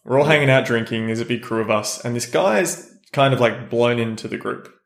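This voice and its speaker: A man co-hosting a podcast, telling a travel story in a blunt, animated way with casual swearing. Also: mid-range voice, a little fast, vocal fry. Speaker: podcast co-host. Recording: roomy echo.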